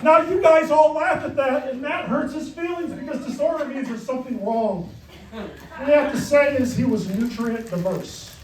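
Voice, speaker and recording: A middle-aged man doing a punchy, deadpan stand-up comedy set in a comedy club. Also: extremely high pitch, normal speed, background noise. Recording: roomy club sound, mic far off, crowd. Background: audience laughter.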